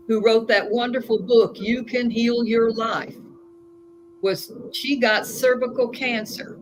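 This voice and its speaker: A woman life coach, a guest in an interview, telling stories in an earnest, emphatic way. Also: on the high side. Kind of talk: conversational interview. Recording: noisy recording.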